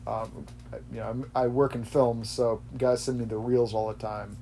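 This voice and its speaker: Delivering his lines flatly at normal speed, a male podcast host speaks in a dark, mid-range voice with slight background noise. The chat is casual and rambling, full of self-corrections and easy laughter.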